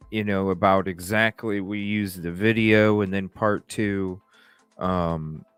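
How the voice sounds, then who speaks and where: Low, slow, dry-voiced male streamer. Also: clean tone, no room sound. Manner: rambling, many fillers and restarts; reads out and greets chat viewers. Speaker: livestream host. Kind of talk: casual livestream chat.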